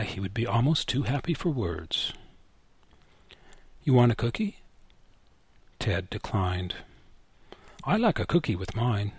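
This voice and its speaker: A man narrating a literary short story in a measured, even way. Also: fairly low pitch, gravelly, breathy edge, no room sound. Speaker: story reader.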